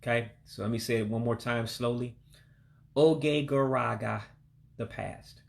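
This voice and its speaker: A man of middling pitch teaches vocabulary in a patient, methodical way. He says each word slowly, then again, and explains how it breaks into parts. His delivery is relaxed and instructive. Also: gravelly. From heritage learner of Igbo descent. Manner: patient, repeats words slowly and breaks them down. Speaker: language learner teaching vocabulary. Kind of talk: language lesson.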